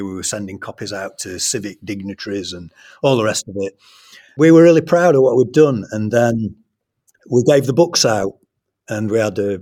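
English guy telling a story in an interview, lowish voice, chatty and animated, restarts his sentences. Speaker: guest, school trust leader.

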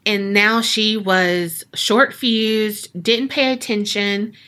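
A woman co-hosting a podcast, telling a ghost story in a relaxed, chatty way full of "like". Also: medium pitch, slow pace. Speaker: podcast co-host.

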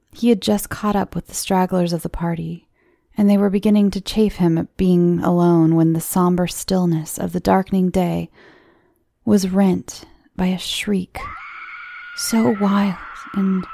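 Slow, gravelly woman narrating in hushed tones. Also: fairly low pitch, no room sound, studio quality. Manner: hushed, near-whispered storytelling. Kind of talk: reading a horror story aloud.

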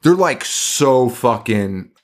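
A man's voice: medium pitch, slow. A man co-hosting a podcast, chatting casually and swearing a lot as he acts out scenes from a movie. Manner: animated, profane, acts out quotes from the movie. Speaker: podcast co-host. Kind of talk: casual chat.

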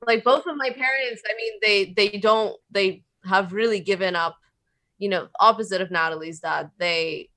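Young woman, podcast co-host, bright voice, rambling and casual. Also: mid-range voice, normal speed, no room sound. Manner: rambling, restarts often, says "like". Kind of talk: casual chat.

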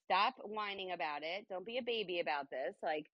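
A woman's voice: on the low side, animated, a little fast, no room sound, dull audio. A woman voicing God as a blunt, streetwise inner voice that scolds her in casual slang. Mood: chiding.

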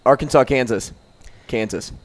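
A man co-hosting a sports radio show, running briskly through a list of bowl games in casual chat. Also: medium pitch.

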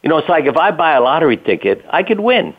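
An older man, a doctor appearing as a guest, tells stories in a relaxed, conversational way, chuckling and acting out what people said. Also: on the high side, quick pace. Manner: conversational storyteller, chuckling, acts out quotes. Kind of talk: casual storytelling interview. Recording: tinny phone line.

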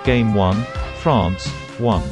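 A man reading out results in a deadpan voice with dry humour. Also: on the low side, extremely slow. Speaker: podcast segment reader. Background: music.

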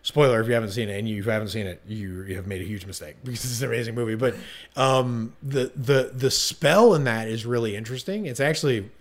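A man's voice: mid-range voice, fast talker. Enthusiastic rambling male podcast host. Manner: enthusiastic, rambling with fillers and restarts. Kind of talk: casual podcast chat.

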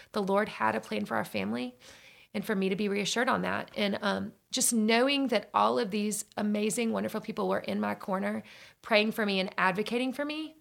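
A woman's voice: mid-range voice, vocal fry. A woman in her thirties telling an earnest personal faith story, acting out what people said. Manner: earnest, animated, acts out dialogue. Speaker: storyteller sharing a faith testimony. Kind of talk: personal testimony, casual storytelling.

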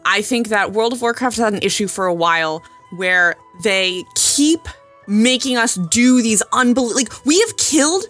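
A woman's voice: on the high side, a little slow, a bit bright, faint music behind. A woman co-hosting a casual podcast, talking in rambling, self-aware tangents. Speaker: podcast guest co-host.

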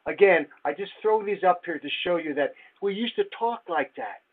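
A man's voice: high-pitched, lively intonation, normal speed. An older man, a safety researcher, giving a wry slide presentation full of rhetorical questions. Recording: tinny phone-like audio.

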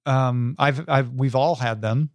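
A man's voice: medium pitch, slow, vocal fry, no room sound. A man co-hosting a casual book podcast with dry, teasing humor. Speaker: podcast co-host.

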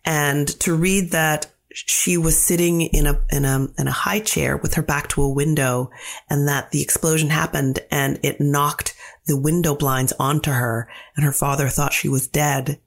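A woman playwright being interviewed, telling stories in a lively way and acting out the quotes. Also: low-pitched, moderate pace. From Canada. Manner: animated storyteller who acts out quotes. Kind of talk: casual interview talk.

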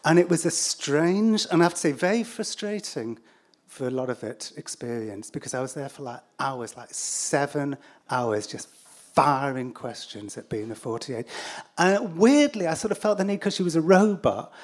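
An English man recounts a story in front of a live audience, dry and self-deprecating. His delivery is halting, sprinkled with ums and restarts, sitting at an ordinary middle pitch for a man. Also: expressive.

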